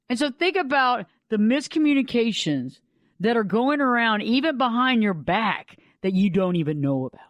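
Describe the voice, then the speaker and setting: A woman's voice: medium pitch, no room sound. A woman host and life coach giving a conversational storytelling monologue on a radio show, driving her points home with repeated "think about it.".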